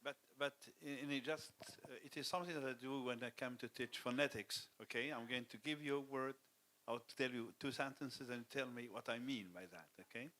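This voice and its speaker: A man's voice: mid-range voice, a little fast, few pauses, sharp tone. A man who teaches phonetics speaks to students at a school event, restarting his sentences and checking in with "okay?" after each point.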